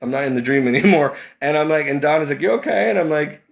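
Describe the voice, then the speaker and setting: A man telling a personal story in a rambling way, with restarts and repeated words, his pitch climbing when he relives his anger. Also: steady tone, quick pace. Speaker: video creator.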